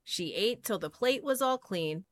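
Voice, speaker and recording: A woman reading children's picture books aloud in an expressive, sing-song way. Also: medium pitch, measured pace, no echo. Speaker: storyteller.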